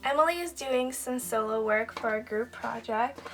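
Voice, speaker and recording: A woman's voice: a little high, moderate pace. A young woman vlogging a casual storytime while doing her makeup, chatty and full of filler words. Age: young adult. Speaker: beauty vlogger.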